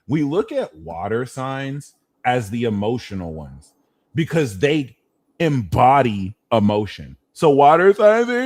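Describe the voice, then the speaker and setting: A man giving a casual astrology monologue, swearing freely and acting out quick impressions. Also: mid-range voice. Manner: animated, swears, acts out impressions. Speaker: astrology reader.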